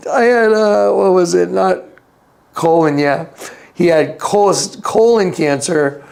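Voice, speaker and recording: Man, interview guest, casual storytelling, higher-pitched voice, rambling asides. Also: takes it slowly, gravelly, darkish tone. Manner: acts out other people's lines in a raised pitch; rambling, with frequent restarts and asides.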